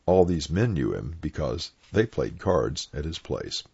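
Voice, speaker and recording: An older man, a clergyman, reading his own personal anecdotes aloud in a plain, unhurried storytelling manner. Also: a bass voice, sing-song, gravelly, dark tone, breathy edge, no room sound. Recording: dull lo-fi dry recording.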